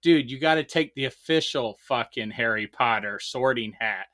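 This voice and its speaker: A loud man co-hosting a casual podcast over his own mic, telling stories animatedly and swearing a lot. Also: mid-range voice, moderate pace. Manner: loud, profane, animated storytelling. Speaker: podcast co-host. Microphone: remote podcast mic.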